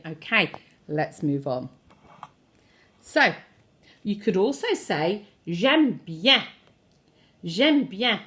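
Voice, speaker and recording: A French teacher leads a lesson for children, saying words and then pausing so the listener can repeat them. Her pitch jumps around with great animation as she plays with different intonations. She greets every attempt with warm, bright encouragement.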